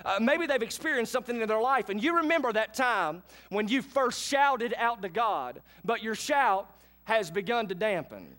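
High-voiced pastor preaching earnestly. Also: male voice, animated, moderate pace, fairly bright tone. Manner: earnest preaching with vivid storytelling and direct questions to the congregation. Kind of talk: sermon.

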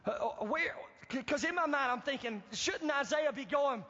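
A male pastor preaching a sermon, swinging from loud to hushed and acting out quoted pleas. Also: animated, normal speed. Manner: acts out quoted pleas in a higher voice. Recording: dull lo-fi sound, long hall reverb.

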